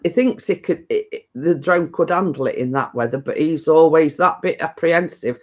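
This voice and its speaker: Hosting a casual live chat stream, this woman talks in a loose, rambling way, repeating herself and peppering speech with "you know" and "I mean." She has a deep, slightly mellow voice at a moderate pace.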